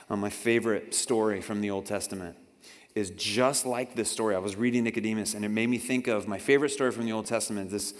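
A man preaching a sermon, telling a story with lively acted-out voices that swing from loud to hushed. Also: medium pitch. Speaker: pastor. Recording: long hall reverb.

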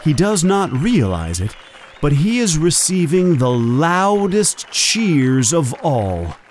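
A man narrating a storybook in an expressive reading manner, jumping high for characters' calls. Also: takes it slowly, a faint crowd, slight background noise.

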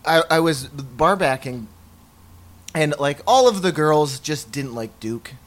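A young man with a notably high voice for a man. He chats loosely, tossing in quick wisecracks and laughing along with the other speaker. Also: lively intonation, a bit bright. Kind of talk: casual chat.

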